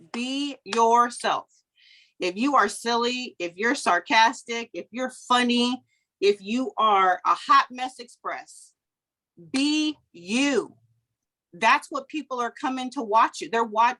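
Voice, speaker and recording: A middle-aged woman giving a motivational coaching talk over a video call, chatty and lively. She laughs often and acts out anecdotes in quoted voices. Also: fairly low pitch. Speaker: business coach.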